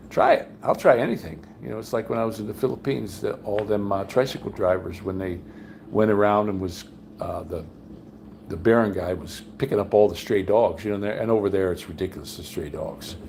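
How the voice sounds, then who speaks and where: An older man with a gravelly, fairly low voice that has a mellow, darker tone. He rambles through folksy stories in a loose livestream chat and jumps his pitch up whenever he quotes someone. A faint hum of the room sits behind him. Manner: folksy storyteller, acts out quotes in a higher voice. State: undergoing cancer treatment. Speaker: vlogger. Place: home room with high ceilings.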